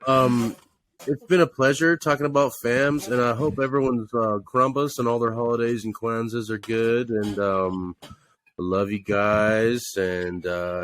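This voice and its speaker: A man co-hosting a podcast in casual chat, rambling with lots of fillers and deadpan jokes. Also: fairly low pitch, a little slow. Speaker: podcast co-host.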